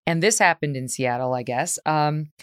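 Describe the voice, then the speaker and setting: Smooth, dry-voiced woman host from New York. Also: sits low, normal speed, no room sound. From New York State. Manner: pressing, probing questioner. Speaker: podcast host. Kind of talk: political interview.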